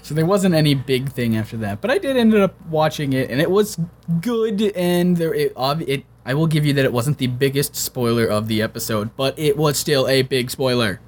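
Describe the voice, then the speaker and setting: A man's voice: mid-range voice, animated. A young man in casual chat, teasing his friend and getting emotional in his retelling. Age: young adult. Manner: teasing, emotive, quick to exaggerate.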